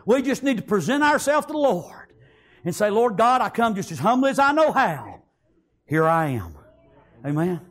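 A man preaching a sermon, fervently repeating praise and amen and rising to shouts. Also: sits high, very animated, normal speed.

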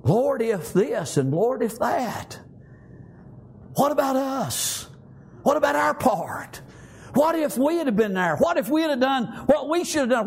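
A fervent male preacher with an unusually high voice for a man. He preaches a sermon, peppering nearly every line with "praise God" and "amen.".

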